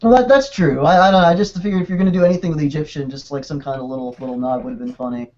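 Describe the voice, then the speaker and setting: Man, rapid excitable podcast chatter, slightly higher voice, dull lo-fi sound. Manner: excitable, rambling, quick restarts. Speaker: podcast co-host. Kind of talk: casual podcast chat.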